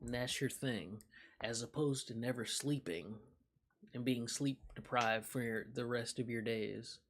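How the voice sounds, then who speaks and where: A man's voice: medium pitch, a little slow, fairly bright tone, a little hiss or hum. A young man streaming live, chatting loosely with his viewers, swearing and laughing as he reacts. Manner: loose, profane, reacting aloud with frequent laughs. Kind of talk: casual live-stream chat.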